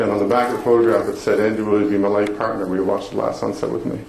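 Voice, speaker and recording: A man's voice: lowish voice, little pitch movement, very fast, gravelly, few pauses, a loud crowd. A man, a motivational speaker, telling a personal story to an audience with laughing, self-deprecating humor and emotion. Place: conference hall before an audience. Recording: echoey hall with room noise.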